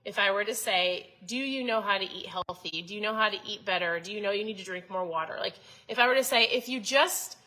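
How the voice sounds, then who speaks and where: A woman in her thirties with a bright, clear-toned voice, talking casually to her viewers. She speaks in a chatty, coaching way and keeps turning to them with questions. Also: mid-range voice, fairly quick, few pauses, rough recording. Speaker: host. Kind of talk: casual motivational talk to viewers.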